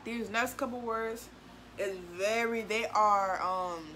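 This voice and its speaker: A young woman with a DMV accent explaining slang in casual chat, animated and acting out quotes in a high voice. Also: slow pace, slight background noise, rough recording. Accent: DMV Black American English. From DMV area, US.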